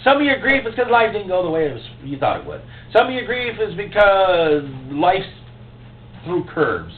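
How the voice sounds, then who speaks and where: A man preaching a sermon as pastor, emotional and impassioned, with sudden loud outbursts. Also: high voice, very animated, normal speed. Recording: echoey, tinny phone-like recording with faint hum.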